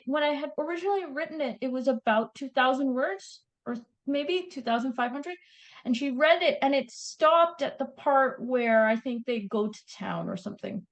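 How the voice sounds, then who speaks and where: A woman with a Canadian accent, chatting as a guest author in an interview, telling stories in an animated, laughing way. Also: high voice, moderate pace, low-quality recording. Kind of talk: casual interview chat.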